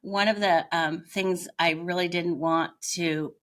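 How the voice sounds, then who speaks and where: A woman's voice: fairly low pitch, fairly even intonation, a little slow, a bit bright. An older woman, a retired teacher now teaching yoga, candidly telling her own story as an interview guest and searching for her words as she goes. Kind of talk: reflective personal storytelling.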